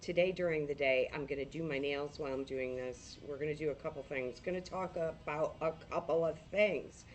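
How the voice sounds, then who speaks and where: A woman with a hoarse, gravelly voice, chatting casually and rambling with laughs as she hosts a paranormal livestream from home on a laptop mic. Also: low-pitched, fairly quick, few pauses, a little hiss or hum. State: hoarse, losing her voice.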